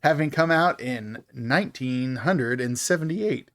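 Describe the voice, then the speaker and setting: A man's voice: medium pitch, measured pace, a bit bright. Giggly man chatting about movies. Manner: laughs often, fillers like "like". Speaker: podcast co-host. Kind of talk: casual movie review chat.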